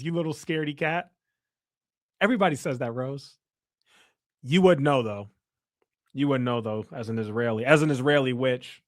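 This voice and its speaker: A man's voice: medium pitch, no echo, clean studio sound. A man from the United States hosting a casual livestream, reading the chat aloud and teasing and mocking a viewer. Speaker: livestream host.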